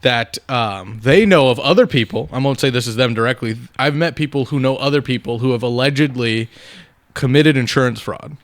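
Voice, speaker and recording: Male podcast co-host, mid-pitched, rambling casual delivery, dry close recording. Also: brisk, dry recording. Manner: rambling, hedging with fillers. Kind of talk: casual chat.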